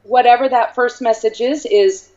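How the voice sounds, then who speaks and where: A woman medium talking as an interview guest, telling stories in a lively way and acting out bits of dialogue. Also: on the high side, normal speed. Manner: animated storyteller, acts out dialogue. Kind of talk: casual interview talk. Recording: slightly dull lo-fi sound.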